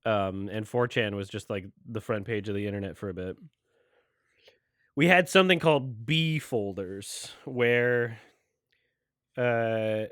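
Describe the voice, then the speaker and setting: A man's voice: mid-range voice, fairly bright tone, clean tone, no room sound, clean studio sound. A man hosting a movie watch-along, rambling in loose casual commentary, often restarting and laughing.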